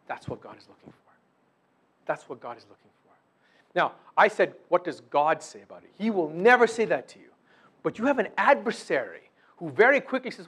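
Animated high-voiced man preaching. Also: brisk, husky. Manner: preaching with sudden loud emphatic bursts and soft drops; acts out imagined voices and prayers. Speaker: pastor. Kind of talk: sermon.

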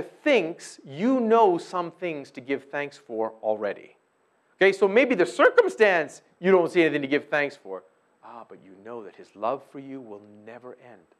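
A middle-aged man preaching a sermon as a pastor, swinging between loud emphasis and hushed, quiet stretches. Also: fairly high pitch.

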